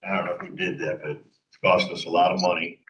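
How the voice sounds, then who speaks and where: A man's voice: sits low, level tone, fast talker, fairly bright tone, lo-fi sound. A man on a county council, speaking plainly and rambling a bit with fillers in a public meeting. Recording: echoey room, distant mic.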